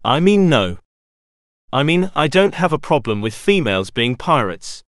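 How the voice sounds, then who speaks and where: A man voicing Wentworth, a squeaky timid rat boy. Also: big pitch swings, moderate pace, fairly bright tone, dry recording, studio quality. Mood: nervous. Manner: stammering, squeaky. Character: timid young male rat, easily startled.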